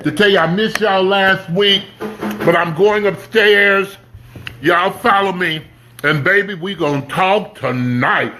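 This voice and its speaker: A man hosting a casual home livestream, chatting with viewers, greeting them by name and urging them to share. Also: high voice. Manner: chatty, shouts out viewers, urges sharing. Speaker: livestream host. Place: home, indoors.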